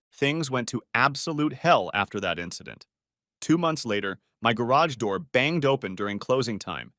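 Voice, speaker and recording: A man reads out a scripted first-person story with steady, expressive storytelling. His middle-pitched voice moves around a lot in pitch. The recording is dry and close. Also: dry recording. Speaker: narrator.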